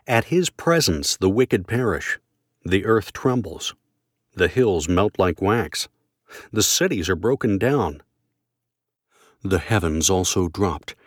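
A man reading a devotional text aloud in a measured, solemn, formal manner. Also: fairly low pitch, no echo. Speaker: reader of a devotional book. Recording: dry close recording.

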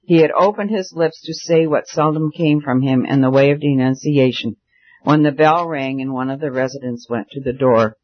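A man reading a novel aloud in a steady, earnest manner. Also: medium pitch, normal speed. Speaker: audiobook narrator. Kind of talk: scripted narration. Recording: dull dry recording.

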